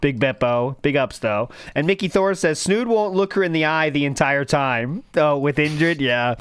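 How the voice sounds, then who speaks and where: A man's voice: fairly high pitch, normal speed, clean tone, dry recording. A man hosting a casual podcast, rambling and joking as he reads out chat comments. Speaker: podcast host.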